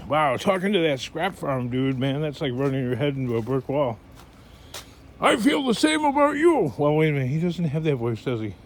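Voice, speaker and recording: A man's voice: medium pitch, a little fast. A middle-aged man vlogging in a loose, rambling way, talking to himself while he works. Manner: chatty, wandering, talks to himself while working. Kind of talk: casual rambling monologue. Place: work space with scrap, while handling items. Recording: steady background noise.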